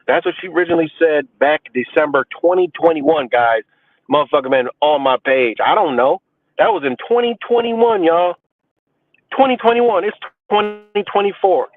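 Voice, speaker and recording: A man's voice: fairly high pitch, lively intonation, normal speed, no echo. A man hosting a live stream, ranting about a message with profane, boastful scorn. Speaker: livestream host. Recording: dry, tinny phone-like sound.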